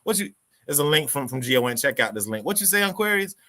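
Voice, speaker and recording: Male livestream host, bright forceful voice, passionate ranter, talks back to chat. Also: fairly high pitch, sing-song, fast talker. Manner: passionate ranting, repeats himself, calls listeners dog. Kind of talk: live-stream commentary reading chat.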